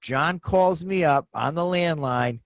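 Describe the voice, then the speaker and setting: Gravelly man telling a comedy anecdote. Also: on the high side, slow pace, no echo. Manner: animated anecdote teller. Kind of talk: storytelling on a video call.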